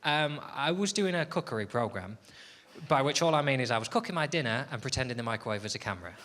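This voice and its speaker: A man doing a stand-up routine on a club stage, self-deprecating and grumbling, dropping to mutters and rising to loud rants. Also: medium pitch, expressive, fast. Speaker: stand-up comedian. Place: comedy club stage with audience. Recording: live stage recording with audible background noise.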